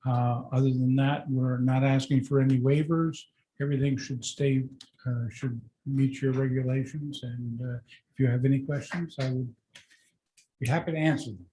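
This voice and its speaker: A man's voice: mid-range voice, steady tone, normal speed, warm tone, slight background noise, low-quality recording. A man presenting a building plan to a town board, explaining steadily with frequent fillers. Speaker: applicant's representative. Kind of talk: presenting a project.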